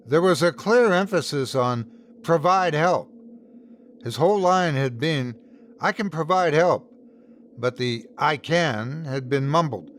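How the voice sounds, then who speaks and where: A man narrating a first-person horror story in an expressive, dramatic storytelling manner. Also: mid-range voice, a little hiss or hum.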